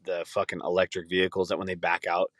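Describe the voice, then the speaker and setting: A man with a lowish voice hosts a podcast, talking in a loose, rambling solo rant. He swears constantly and breaks into laughter, and the sound is dry and close. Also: monotone, quick pace, fairly bright tone, no room sound. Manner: rambling, profane, laughing often. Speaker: podcast host.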